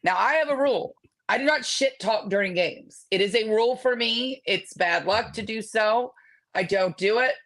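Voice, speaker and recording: A woman co-hosting a sports podcast, telling a story in a sassy, animated way. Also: on the high side, normal speed. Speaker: podcast co-host.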